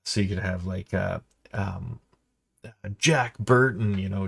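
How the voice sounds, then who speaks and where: A man's voice: low-pitched, flat delivery, normal speed, creaky, a bit bright, husky. A man chatting casually as a game master host, easygoing and meandering. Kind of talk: casual instructional chat.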